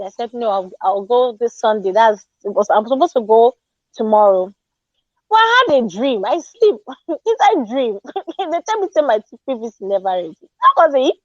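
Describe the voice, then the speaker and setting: A Nigerian woman telling an indignant story in a casual, animated way, slipping into Pidgin. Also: high-pitched, no room sound, lo-fi sound. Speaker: Twitter Space speaker.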